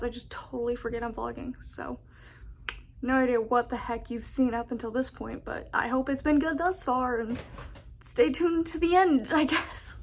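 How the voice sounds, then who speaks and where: High, gravelly-voiced young woman vlogging. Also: a little mellow, slight background noise, rough recording. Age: 20s. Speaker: college student vlogger. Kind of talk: casual vlog chat.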